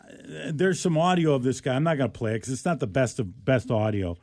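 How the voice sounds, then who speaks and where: A man's voice: mid-range voice, lively intonation, brisk, a little mellow, no echo, studio quality. A man co-hosting a radio show, chatting casually and jokingly about an odd news story, often restarting his sentences. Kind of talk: casual talk radio banter.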